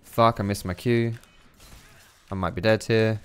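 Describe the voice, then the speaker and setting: A man's voice: fairly low pitch, steady tone, measured pace, a bit bright, clean tone. Man, young adult, casual gameplay commentary, chatty, swears a lot. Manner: chatty, swears freely, laughs often. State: out of breath. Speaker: gaming commentator.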